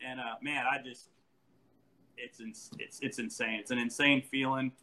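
A man in his forties, an animated storyteller who laughs often and restarts his sentences in casual chat. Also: mid-range voice, moderate pace, poor audio. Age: 40s.

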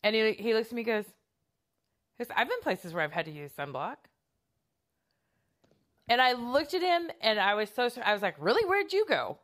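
A woman's voice: fairly high pitch, animated, normal speed, long pauses, fairly bright tone. A woman telling a story in casual podcast chat, rambling and self-conscious with many fillers and restarts.

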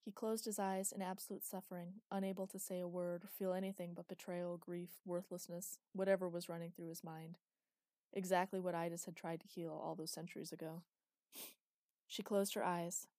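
A woman narrating a fantasy story in an even, measured reading. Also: on the low side, no room sound, studio quality.

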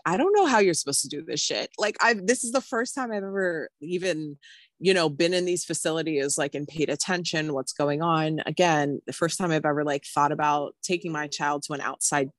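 Rambling, animated woman podcast co-host. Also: no room sound. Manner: rambling, animated storytelling with sudden high exclamations. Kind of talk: casual chat.

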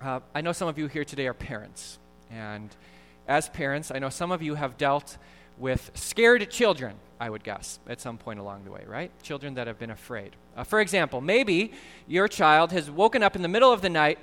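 Man, pastor, sermon, high bright voice, earnest and animated, long hall reverb. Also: moderate pace, hardly any pauses. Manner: earnest, animated preaching with frequent repeated words.

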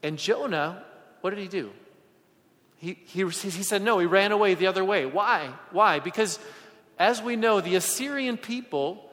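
A male pastor preaches in a large church hall, his fairly high voice trailing off in long reverb. He tells stories with animated delivery, pushing some phrases out loudly and dropping others to a hush. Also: normal speed. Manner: animated storyteller, swings from loud emphasis to hushed asides. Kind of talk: sermon with personal stories.

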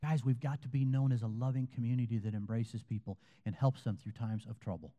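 A man's voice: mid-range voice, steady tone, fairly quick, mellow, big-room sound. A man preaching a sermon as a pastor, in a conversational way, telling stories and quoting other people. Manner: conversational preaching, storytelling with quoted voices.

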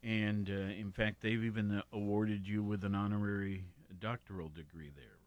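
A man hosting an interview, asking questions in a halting way, with many fillers and restarts. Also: fairly low pitch, fairly even intonation, dry recording, muffled recording. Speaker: interviewer, host.

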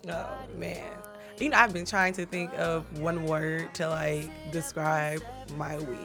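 Young woman podcast co-host, lower voice, relaxed storyteller, casual slang. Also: unhurried, over music. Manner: laid-back storytelling with slang and fillers. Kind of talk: casual chat.

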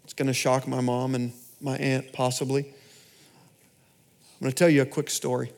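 A man giving a personal sermon testimony in church, storytelling with big swings between loud and hushed delivery. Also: mid-range voice, little pitch movement, a little slow, gravelly. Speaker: pastor.

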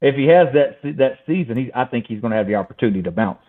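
A man's voice: medium pitch, animated, rapid-fire. Man, podcast guest, casual talk, filler-heavy, tinny phone sound. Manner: conversational, hedging with fillers. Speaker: guest sports writer. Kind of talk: casual sports podcast chat.

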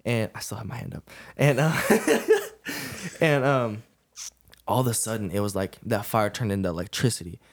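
A man's voice: mid-range voice, big pitch swings, normal speed. A young man, a podcast guest, telling a personal story in a casual, laid-back way, often laughing and saying "bro".

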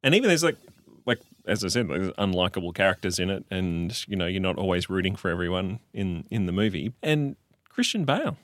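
A low-voiced man in his thirties who swings widely up and down as he talks. He halts and restarts in casual film chat, and his voice is recorded dry and close. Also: no echo. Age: 30s. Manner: animated, halting, leans on "like". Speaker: podcast co-host.

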